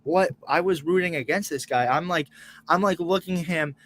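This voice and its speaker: A man's voice: on the high side, fairly quick, fairly bright tone. A young man reacting live as co-host of a sports fan show, emotional and rambling, restarting and repeating words.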